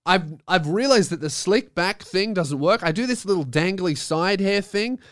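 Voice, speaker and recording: A young man rants casually on his own podcast, swearing freely and putting on mock outrage. His voice is smooth and resonant, and the sound is dry and close with no room around it. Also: high-pitched, lively intonation, moderate pace, no echo. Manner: profane, rambling, mock-indignant. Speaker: podcast host. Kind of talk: casual solo podcast rant.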